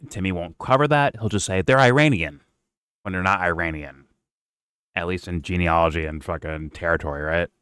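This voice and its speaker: A man with a very low voice mocks what he is watching in loose, profane chatter. His tone stays sarcastic throughout. The sound is dry and close to the mic. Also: brisk, a bit bright, clear, resonant tone, no echo. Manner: mocking, sarcastic, swears often. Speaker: reaction stream host. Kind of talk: casual profane commentary.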